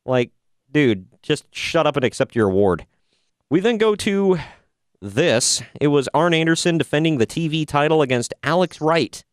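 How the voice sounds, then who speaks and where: A man talks through a casual podcast recap, tossing in sarcastic jokes. His voice is smooth and resonant, and the sound is dry and close. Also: fairly high pitch, lively intonation, moderate pace, no room sound. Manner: casual, jokey, sarcastic asides. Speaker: podcast host reviewing wrestling. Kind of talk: casual review chat.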